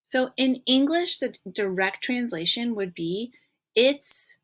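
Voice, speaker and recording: A woman's voice: a little high, lively intonation, measured pace, a bit bright. A woman teaching a recorded French lesson in English, patiently prompting students to think and checking in with frequent okays.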